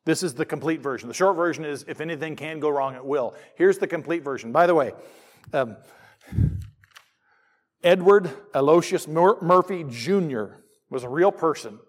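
A man's voice: a little high, moderate pace. A middle-aged man preaching a sermon in church, mixing jokes with scripture readings. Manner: animated, jokey preacher who reads scripture aloud. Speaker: pastor.

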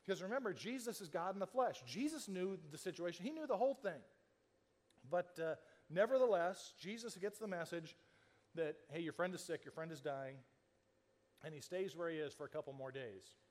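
A man's voice: high voice, expressive, brisk, a little mellow, in a large hall. A man preaching a sermon as a pastor, telling the story conversationally and acting out the quoted lines, with frequent restarts.

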